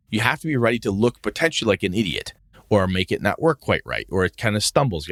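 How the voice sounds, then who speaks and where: A man's voice: lowish voice, very animated, fairly quick, a bit bright, dry recording, clean studio sound. A man co-hosting a podcast, talking in a casual, profane, rambling way and acting out the voices he quotes. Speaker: podcast co-host. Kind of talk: casual chat.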